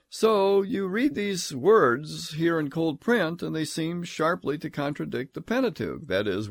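Guy lecturing on the bible, really animated up-and-down voice, slows way down for the verses. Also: mid-range voice, no echo. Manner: emphatic, reads scripture aloud in a measured solemn tone. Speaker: Bible teacher. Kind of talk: scripture lecture.

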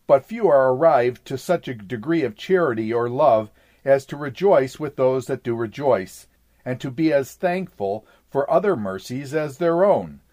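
A man's voice: mid-range voice, lively intonation, darkish tone. Man reading an old sermon aloud. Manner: measured, formal reading that says "quote" and "end quote" around scripture.

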